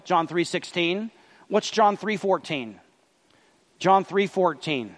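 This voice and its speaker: A man preaching a sermon as pastor, reading scripture aloud and explaining it in an earnest, emphatic way. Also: high-pitched.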